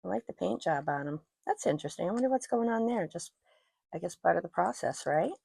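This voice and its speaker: On her own jewelry channel, a woman chats casually and gushes over each piece, slipping in self-deprecating asides. Her voice is on the low side, expressive, fairly quick, and creaky, a little mellow with a breathy edge. The recording is dry, on a personal microphone she wears while talking, in casual show-and-tell chat.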